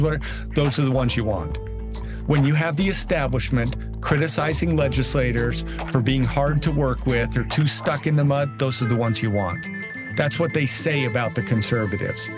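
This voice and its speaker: An emphatic man talks as a guest legislator, pressing his points with energy. His voice sits at a mid pitch and he restarts words as he pushes ahead. Faint music plays behind him. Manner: emphatic, rallying, quick restarts. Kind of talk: political interview.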